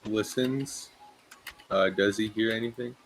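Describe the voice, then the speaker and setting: A man's voice: lowish voice, steady tone, unhurried. A man playing a tabletop game in a laid-back, casually crude way. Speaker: player.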